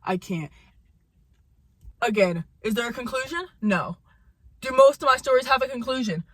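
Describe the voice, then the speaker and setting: A woman's voice: lively intonation, moderate pace, fairly bright tone, no echo, studio quality. A young woman telling a storytime rant about a coworker, heated and profane, repeating lines for emphasis. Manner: mimics coworker in high sing-song voice. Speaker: vlogger telling a work story.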